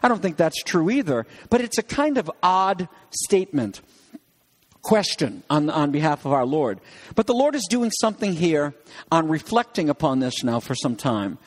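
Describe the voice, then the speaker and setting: A man's voice: a little high, sing-song, normal speed, long reverb tail. A man preaching a sermon as pastor, in a conversational way with frequent restarts, acting out lines of dialogue.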